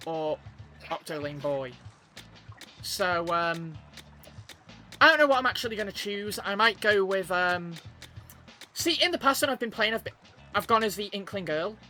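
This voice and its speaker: A man's voice: high-pitched, sharp tone. Chatty man commentating a game. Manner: chatty, hesitant, many "um" and "like" fillers. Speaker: gameplay commentator. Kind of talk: casual let's-play commentary. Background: game music.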